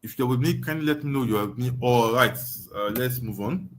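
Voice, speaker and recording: A young adult Nigerian man with a medium-pitched voice teaches an online webinar at a fairly quick pace, with slight background noise. As a course tutor, he speaks emphatically, repeats his points, and often asks "you understand?".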